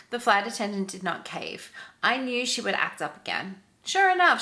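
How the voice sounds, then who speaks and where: A woman hosting a channel, reading an online story aloud with expressive, sympathetic commentary. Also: medium pitch. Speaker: story narrator and channel host.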